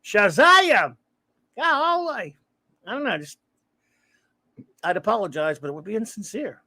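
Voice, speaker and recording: A man's voice: high-pitched, lively intonation, brisk, fairly bright tone, slightly rough, no room sound. A man hosting a casual livestream, rambling and greeting viewers by name as he reads the chat. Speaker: livestream host. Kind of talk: casual live-stream chat, reading chat aloud.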